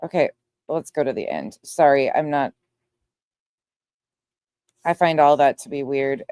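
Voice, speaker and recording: A woman's voice: very deep voice, animated, measured pace, darkish tone, clear, resonant tone, no room sound. A woman co-hosting a casual commentary chat, talking in a wry, sarcastic way.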